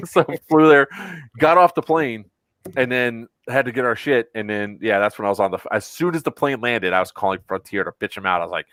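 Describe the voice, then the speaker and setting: A man hosting a casual podcast chat, telling a long story in an animated, exasperated and profane way. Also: fairly low pitch, a little fast, no echo. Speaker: podcast host.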